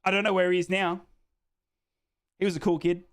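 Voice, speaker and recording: Chatty Australian man with a high voice. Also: flat delivery, brisk, clear, resonant tone. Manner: chatty, jokey, repeats himself, says "mate". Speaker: football watchalong streamer. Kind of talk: live stream chat, reading fan comments.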